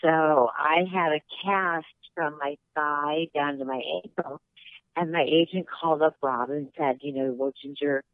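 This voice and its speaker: A woman guest chatting over the phone, relaxed and laughing between stories. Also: low-pitched, unhurried, dry recording. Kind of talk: casual phone interview. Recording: tinny phone line.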